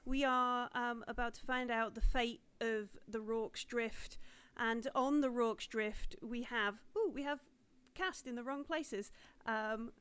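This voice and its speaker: A woman's voice: fairly high pitch, steady tone, slow pace, fairly bright tone, clean tone. A woman hosting and running a live tabletop role-playing game, chatty and full of fillers and laughs. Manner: chatty, laughing, lots of ums. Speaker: game master.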